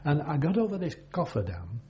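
An older man who served in the navy reminisces in an oral history interview, halting and rambling with frequent fillers. His voice runs on the high side, a little mellow, with big pitch swings. The recording is dull and lo-fi, with a faint hum.

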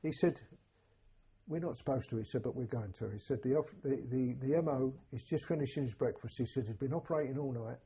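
Old english vet telling war stories, raspy, lots of restarts, muffled old tape. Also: male voice, mid-range voice, mellow. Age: older. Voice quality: husky. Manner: halting, plain-spoken storytelling with many restarts. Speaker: war veteran recounting memories. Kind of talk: oral history testimony.

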